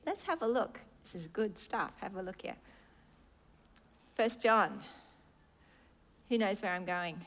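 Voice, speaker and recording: A middle-aged woman preaching at an unhurried, deliberate pace, her voice sitting a little high. She acts out prayers and answers as small scenes, dropping to a near hush and then rising again. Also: very animated. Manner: acts out prayers and God's replies in dialogue, swinging between hushed and loud. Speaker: pastor. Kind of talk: sermon.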